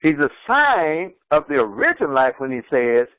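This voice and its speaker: A man's voice: a little high, sing-song, normal speed, few pauses, no room sound, lo-fi sound. A man preaching as an imam, emphatic and repetitive, often restarting his words mid-sentence. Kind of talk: sermon.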